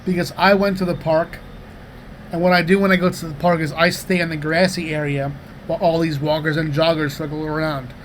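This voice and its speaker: A man in his thirties co-hosting a comedy podcast, telling rambling, profane anecdotes in a casual, animated way. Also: a little high, a little fast, slight background noise. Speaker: podcast co-host.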